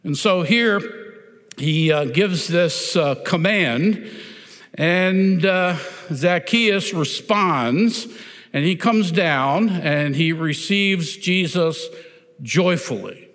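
Male pastor, higher-pitched voice, emphatic sermon delivery, long hall reverb. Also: a bit bright. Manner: deliberate and emphatic, often saying "notice".

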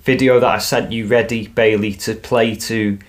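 A man's voice: fairly low pitch, level tone, normal speed, a little hiss or hum. A young man co-hosting a car podcast in casual, playful chat. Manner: teasing, playful. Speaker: podcast co-host.

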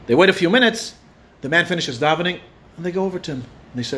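A man's voice: fairly high pitch, quick pace, a bit bright, slight background noise. A man giving an earnest Torah talk, telling a story and mixing in Hebrew and Yiddish terms. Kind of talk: sermon with a story.

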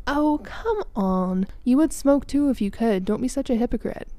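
A sullen, hostile young man snaps and swears in short, curt bursts, as a woman puts him on in her own mellow voice. The sound is dry and close. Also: a little high, expressive, moderate pace, no room sound, close to an everyday voice. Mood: bitter.

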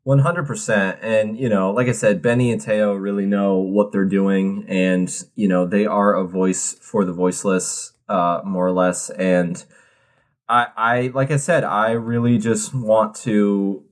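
A man's voice: lowish voice, fairly even intonation, unhurried. A man co-hosting a beer podcast in casual chat, rambling and laid-back, at times reading out a can label. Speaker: podcast co-host.

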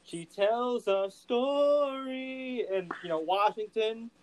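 A man's voice: very high voice, takes it slowly, dry recording, rough recording. A man co-hosting a podcast, chatting casually and with feeling, acting out and singing quotes. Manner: animated, gushing, sings and acts out quotes. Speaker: podcast co-host.

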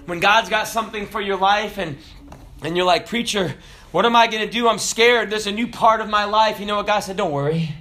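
A man in his forties preaching a sermon, swinging between shouted declarations and low, quiet asides. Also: steady tone, brisk. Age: 40s. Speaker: pastor.

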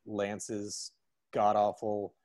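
A man's voice: on the low side, monotone, extremely slow, a little mellow, no room sound. A man co-hosting a podcast in casual chat, rambling with many "like"s and frequent laughter. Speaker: podcast co-host.

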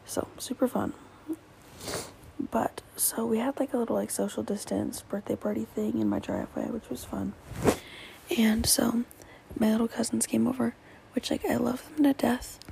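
Gravelly teen girl rambling softly. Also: fairly high pitch, steady tone, moderate pace, a little hiss or hum, low-quality recording. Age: teens. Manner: rambling, many fillers, often dropping to a whisper. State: tearful. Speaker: podcast host. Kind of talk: solo podcast chat.

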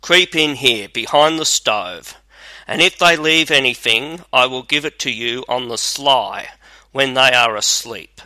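A man's voice: mid-range voice, a little slow, pushed and bright, dry recording, low-quality recording. A man voicing a kindly old woman who warns guests in a storybook reading, earnest and cautioning. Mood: warning.

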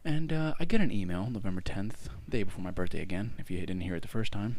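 A young man co-hosting a podcast, ranting in an exaggerated, profane, animated way. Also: lowish voice, fast, hardly any pauses. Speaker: podcast co-host. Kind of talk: casual chat, ranting complaint.

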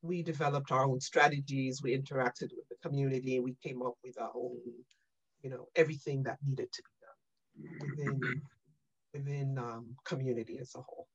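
A woman being interviewed on a podcast, telling animated stories about her career and often checking in with "right?" and "you know". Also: very deep voice, normal speed, lo-fi sound. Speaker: guest.

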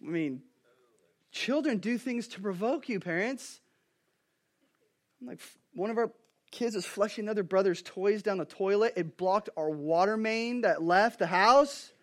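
High voiced guy preaching, gets loud then goes quiet, storytelling about his kids. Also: unhurried. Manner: animated storytelling, swings from hushed to loud. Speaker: pastor. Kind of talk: sermon.

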